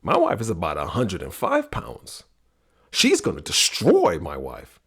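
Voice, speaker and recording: A middle-aged man hosting a talk on personality types, telling a story in an animated way. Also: low-pitched, a little slow, slightly rough. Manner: animated storyteller, acts out quoted voices. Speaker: podcast host teaching personality types.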